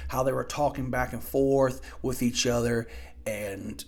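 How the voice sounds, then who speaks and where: A man's voice: medium pitch, steady tone, a little slow, creaky. A man giving a casual spoken film review into a desk microphone, rambling and profane, with frequent restarts. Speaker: movie reviewer.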